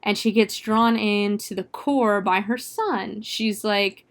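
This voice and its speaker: A woman hosting a podcast, recapping a movie in casual, profane chat full of "like" and quick exclamations. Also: medium pitch, steady tone. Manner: chatty, profane retelling with frequent "like"; laughs and exclaims often. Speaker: podcast host.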